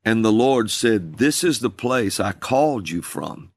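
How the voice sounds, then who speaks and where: A man, a minister, telling a personal story in conversation, slow and drawn out. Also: lively intonation, no room sound. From USA. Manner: slow, drawn-out storytelling with calls acted out in a high voice.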